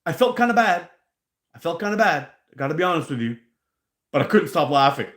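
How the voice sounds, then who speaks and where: A man hosting a casual live stream about hot sauce, a rambling, animated storyteller who laughs at his own stories. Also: fairly high pitch, brisk, roomy sound. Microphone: handheld mic pulled out.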